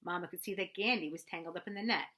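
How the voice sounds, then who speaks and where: A woman reading a children's novel aloud with expressive, animated narration. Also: fairly low pitch, quick pace. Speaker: reader. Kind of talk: storybook read-aloud.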